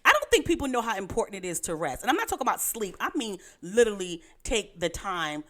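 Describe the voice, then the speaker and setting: Animated Brooklyn woman, lively pitch. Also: quick pace. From Brooklyn, New York. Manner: animated, laughing, teasing. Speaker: podcast co-host. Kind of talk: casual chat.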